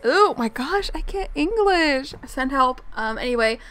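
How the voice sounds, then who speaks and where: A woman hosting a gaming channel, chatting casually through gameplay in an excitable way with frequent exclamations. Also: high voice, a little slow, faint music behind.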